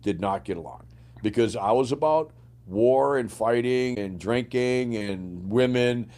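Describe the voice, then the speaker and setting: A middle-aged man, a former Green Beret sergeant major, telling his story in a casual podcast interview, profane and animated, acting out the lines of people he quotes. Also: mid-range voice, measured pace.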